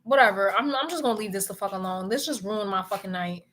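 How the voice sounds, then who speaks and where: Bright-voiced young woman ranting casually. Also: mid-range voice, quick pace. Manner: animated, profane and exasperated ranting. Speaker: vlogger. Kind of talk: casual chat to viewers.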